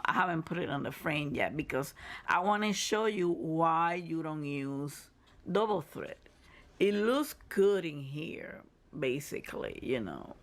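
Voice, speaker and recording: Slow, gravelly-voiced craft vlogger. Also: mid-range voice. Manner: chatty and explanatory, often restarting phrases mid-sentence; shows craft materials to the camera while talking. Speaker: crafter and channel host. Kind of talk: casual craft review and tutorial talk.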